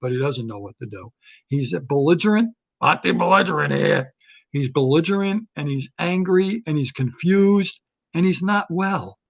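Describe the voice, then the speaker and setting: A man's voice: on the high side, normal speed, gravelly. A man doing a solo political comedy rant, blunt and repetitive, restarting phrases as he riffs.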